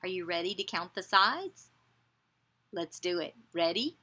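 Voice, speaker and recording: A woman teaching young children, slowly saying words for them to repeat and praising them with encouragement. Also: on the low side, animated, bright, forceful tone. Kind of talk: children's lesson, call and response.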